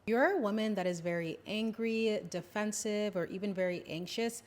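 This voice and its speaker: A young woman giving advice to camera in a slow, deliberate, gentle manner. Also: medium pitch. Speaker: YouTuber giving femininity advice. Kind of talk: speaking-to-camera advice lesson.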